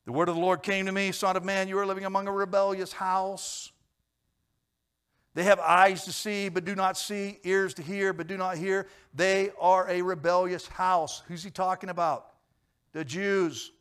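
A man preaching a sermon in church, questioning his congregation and swinging between emphatic loud lines and quiet low ones. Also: little pitch movement, normal speed, clear, resonant tone. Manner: repeats and restarts words, asks questions of the congregation. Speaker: pastor.

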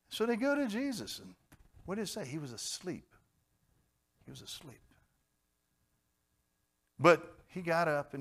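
A pastor preaching a sermon, swinging between loud, emphatic outbursts and quiet, gentle asides. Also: male voice, medium pitch, big pitch swings, normal speed, long pauses.

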